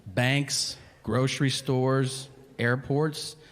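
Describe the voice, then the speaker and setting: A man doing stand-up, telling a story in an exasperated, incredulous, profane way, his voice jumping high in disbelief. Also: fairly even intonation, extremely slow, a little hiss or hum. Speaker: stand-up comedian. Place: comedy stage with a laughing audience. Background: audience laughter.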